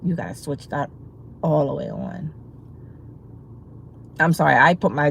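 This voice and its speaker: Female livestream host, low gravelly voice, loose rambling delivery. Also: lively intonation, measured pace, pauses often, fairly bright tone, a little hiss or hum, rough recording. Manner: rambling, filler-heavy talk with many restarts. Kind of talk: casual livestream chat to viewers.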